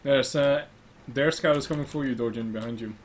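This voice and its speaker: A man playing a tank game with friends, loud and excited, laughing often and swearing freely. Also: medium pitch, brisk, slight background noise. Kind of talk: excited gaming voice chat.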